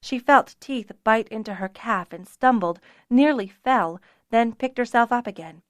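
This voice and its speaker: A woman narrating a fantasy audiobook in a measured, expressive storytelling manner. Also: fairly high pitch, no echo.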